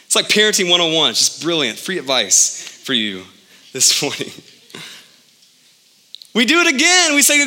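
A man in his thirties preaching a sermon as pastor, animated, with his pitch jumping up for emphasis. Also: normal speed.

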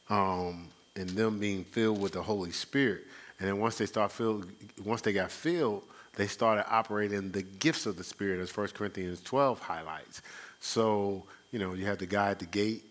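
A man with a fairly low voice preaches in a relaxed, conversational way. He leans into quoted back-and-forth exchanges, his voice climbing as he acts them out, and laughs lightly between points. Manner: animated, acts out quoted exchanges with rising pitch; frequent fillers and restarts, chuckles. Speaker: pastor. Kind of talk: conversational sermon teaching.

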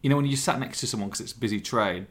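A man's voice: medium pitch, rapid-fire, fairly bright tone. A man, hosting a podcast and telling rambling, self-deprecating stories in casual chat. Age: 40s. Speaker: podcast host.

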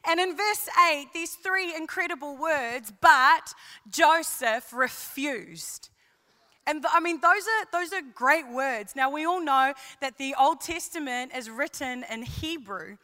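A woman preacher giving an emphatic sermon, repeating key phrases and building to passionate shouting. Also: sits high, moderate pace, few pauses. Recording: long hall reverb.

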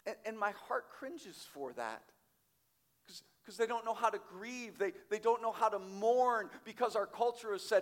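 A man preaching a sermon as pastor, emphatic, slowing down for quoted scripture. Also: high-pitched. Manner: emphatic, varies loudness widely, slows on quoted scripture. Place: church sanctuary.

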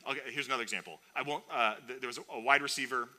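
A man preaching a sermon in a conversational, animated way, with playful asides. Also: mid-range voice, very fast. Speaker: pastor.

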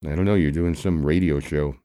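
Casting: a man playing a scornful handyman on a comedy radio bit, deep and dark voice, grumbling. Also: steady tone, fairly quick. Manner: sarcastic, grumbling. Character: grumpy sarcastic male handyman, scornful.

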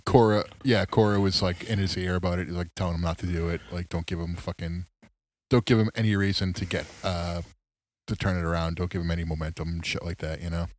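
Talking fast in a low, steady voice, a weary podcast co-host shoots the breeze about baseball. His manner is relaxed, and the swearing comes easily.

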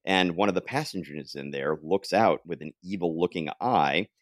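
A man hosting a casual comic-book podcast chat, talking in an animated way and laughing often. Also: low voice, moderate pace, no room sound, studio quality. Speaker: podcast host.

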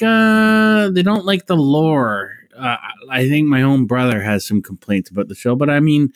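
A man's voice: medium pitch, dry recording, studio quality. A man co-hosting a podcast in casual chat, joking darkly and swearing, often breaking into laughs. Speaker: podcast co-host.

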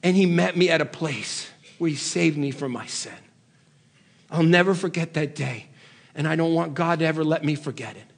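A man delivers an impassioned sermon in a high, breathy voice. He sinks to low, quiet stretches and then climbs to loud, raised pleas. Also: moderate pace. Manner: impassioned, swings between hushed low lines and loud raised ones. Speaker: preacher.

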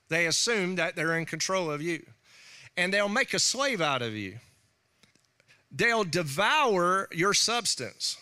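Bright, animated male preacher. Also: sits high, slow, smooth. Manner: animated, laughing asides and quoted voices. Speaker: pastor. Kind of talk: sermon.

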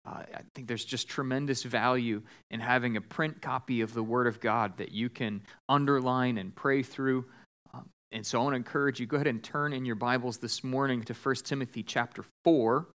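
A man preaching a sermon as pastor, telling a joke with lively voices for the characters in a church sanctuary. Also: mid-range voice. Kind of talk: sermon with storytelling.

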